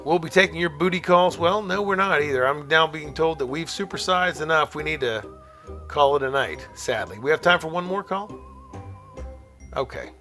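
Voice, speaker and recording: Male call-in show host, slightly high, bright forceful tone, rambling upbeat patter, faint music underneath. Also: normal speed. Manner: chatty, upbeat, rambling with fillers and laughs. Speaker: podcast host taking phone calls. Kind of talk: casual radio-style chat and sponsor reads.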